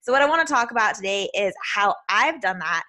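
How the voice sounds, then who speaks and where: A woman in her thirties from Utah with a Utah accent, hosting a podcast as a self-love coach, talking fast and bubbly with lots of "like" and "right?". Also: medium pitch, expressive, bright, forceful tone. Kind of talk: casual solo podcast monologue.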